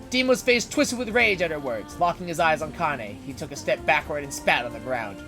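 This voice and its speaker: A man's voice: a little high, big pitch swings, a little fast, hardly any pauses, sharp tone, soft background music. A man streaming, reading a story aloud dramatically and breaking in with joking asides.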